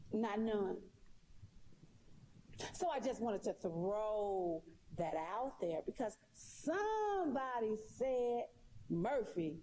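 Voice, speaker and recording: A woman's voice: a little high, mellow, slight background noise. A woman talking straight to her viewers in a casual monologue, sassy and emphatic, repeating her points. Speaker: live streamer.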